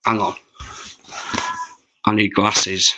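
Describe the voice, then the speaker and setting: This forties livestream host talks very slowly in a lowish, sharp voice with a level tone. He rambles and curses freely, chatting casually with his viewers.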